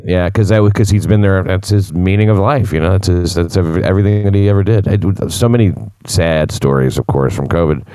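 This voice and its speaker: A male stand-up comedian chatting as a podcast guest, dry and laid-back, with halting restarts. His voice is very deep. The recording is dry and close. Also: dark tone, clear, resonant tone, no room sound. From United States. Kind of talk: casual chat.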